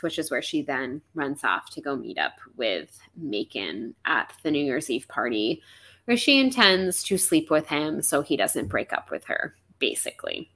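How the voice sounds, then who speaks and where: A young woman co-hosts a casual book-club podcast, her fairly low voice bright and ringing. She swings her pitch widely and jumps into playful voices for the characters. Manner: animated, acts out characters' lines with big swoops. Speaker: podcast co-host.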